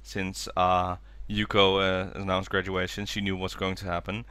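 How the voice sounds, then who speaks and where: A man co-hosting a podcast, chatting casually as he recaps a documentary, acting out quotes in higher voices. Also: monotone, normal speed, a bit bright, clean tone, no room sound. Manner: enthusiastic, acts out quotes in high voices. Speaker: podcast co-host.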